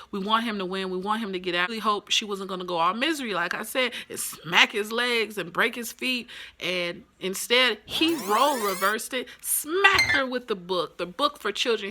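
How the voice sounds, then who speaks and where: A woman with a bright, ringing voice talks through a TV episode in a casual, excited review. Her delivery is chatty and animated, and a faint hum of room noise sits behind her. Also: mid-range voice, moderate pace. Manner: enthusiastic, chatty, animated asides.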